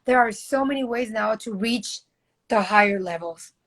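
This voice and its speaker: Speaking at a moderate pace in a slightly high, fairly bright voice, this model in her thirties is a guest on a live video call. She rambles chattily about modeling and addresses the host directly.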